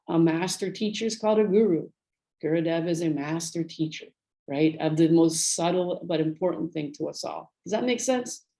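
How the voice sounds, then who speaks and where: A woman's voice: low-pitched, creaky, low-quality recording. Earnest rambling woman on a video call. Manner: earnest, rambling, lively retelling of stories. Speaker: volunteer speaker on prison program. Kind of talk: casual talk on a video call.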